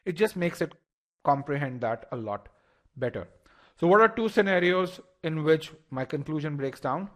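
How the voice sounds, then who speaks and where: A man's voice: on the high side, animated, normal speed. A man teaching a live online test-prep class, explaining step by step, repeating words as he thinks and asking the audience for responses.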